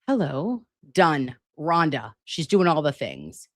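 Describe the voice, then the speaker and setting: Woman streamer at home, low-pitched, dry close sound, rambling, swearing and affectionate with her audience. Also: sing-song, slow, dry recording. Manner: chatty, profane, playful, calls viewers lovies and babes. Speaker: livestream host. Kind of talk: casual livestream chat. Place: home, at a laptop with air conditioning running. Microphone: laptop setup.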